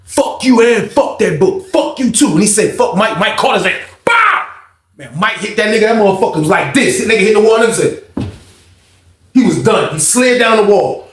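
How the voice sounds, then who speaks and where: A storytelling channel host with a high voice recounts a storytime tale a little fast, his words bouncing around an echoey room. Casual slang and heavy profanity run through it, and he acts out the dialogue with lively, shifting voices.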